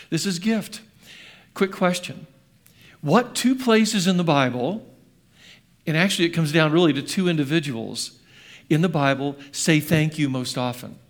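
An older male pastor preaches in church, slipping between fond family memories and questions to the congregation. His voice sits a little high for a man. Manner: storytelling, quizzes the congregation. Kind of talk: sermon with personal stories.

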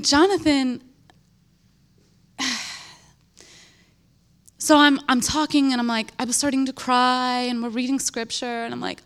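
A young woman giving an emotional, animated church testimony, telling a story with laughter and emphatic repetition. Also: high voice, measured pace, long pauses. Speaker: speaker sharing a testimony.

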